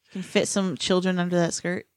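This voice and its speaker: A woman's voice: on the low side, flat delivery, fairly quick, no room sound, clean studio sound. A woman co-hosting a podcast, chatting casually, laughing often and chiming in with short agreements. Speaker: podcast co-host. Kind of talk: casual chat recapping a TV episode. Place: podcast studio.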